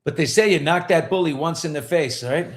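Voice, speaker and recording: Brisk and fairly high-pitched, a middle-aged man hosting a podcast launches into a story during casual chat. He performs it animatedly, doing the voices of those involved.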